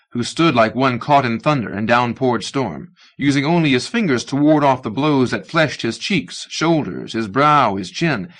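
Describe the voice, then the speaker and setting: In a scripted audiobook reading, a medium-pitched man tells a short story with measured, expressive narration.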